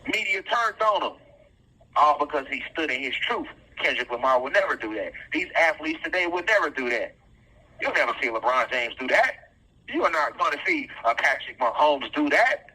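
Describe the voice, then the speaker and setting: A man's voice: on the high side, very animated, normal speed, pushed and bright, breathy edge, poor audio. A man speaking, delivering an impassioned, preachy monologue full of repeated phrases and rhetorical questions. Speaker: self-styled activist commentator.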